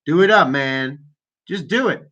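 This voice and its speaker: A young man from Canada talks over the phone as a call-in host. His voice is bright and forceful, and it sits a bit high. He jeers and swears freely. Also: animated, a little slow, muffled recording. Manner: brash, mocking, swears a lot. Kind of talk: profane casual chat. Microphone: telephone.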